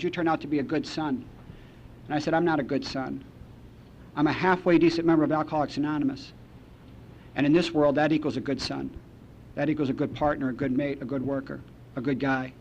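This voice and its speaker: Man telling a wry recovery story. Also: on the high side. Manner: wry storytelling with deadpan asides. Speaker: AA speaker. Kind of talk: recovery meeting talk. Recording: muffled archival tape with faint noise.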